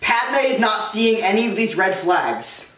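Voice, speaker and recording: A man's voice: high voice, lively intonation, unhurried, fairly bright tone. A man giving a casual, comedic lecture to a small audience, talking in a sarcastic, rambling way full of "like" asides. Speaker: presenter. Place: room with a small live audience. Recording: echoey room, distant mic.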